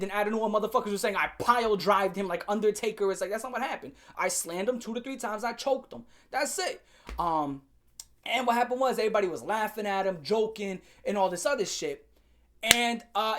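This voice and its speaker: Profane, animated storytelling man. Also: high voice. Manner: profane, animated, laughs while telling. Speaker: vlogger telling a story. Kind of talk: casual storytime rant.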